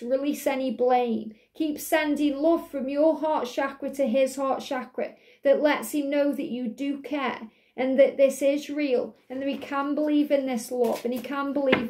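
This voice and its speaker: A woman giving a gentle, reassuring tarot reading to viewers, speaking in spiritual terms. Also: high voice, fairly even intonation, measured pace. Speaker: tarot reader.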